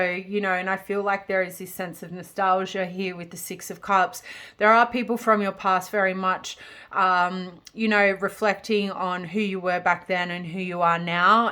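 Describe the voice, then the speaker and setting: A woman's voice: on the low side, pushed and bright. Chatty woman giving a tarot reading. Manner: chatty and rambling, with many fillers and restarts. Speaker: tarot reader. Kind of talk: casual pick-a-card tarot reading.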